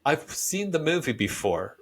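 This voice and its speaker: A man's voice: fairly high pitch, sing-song, unhurried, slightly rough. A man hosting a podcast interview, chatting casually and telling stories with rambling enthusiasm. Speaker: podcast host.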